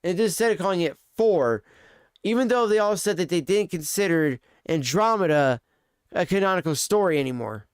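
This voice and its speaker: Profane, rambling male streamer with a high voice. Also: animated, normal speed, smooth, dry recording, studio quality. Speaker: live streamer. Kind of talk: casual live-stream chat.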